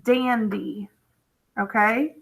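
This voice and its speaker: A woman teacher giving a spelling lesson to young students, drawing out each word slowly and patiently. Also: a little high, fairly even intonation, creaky, rough recording.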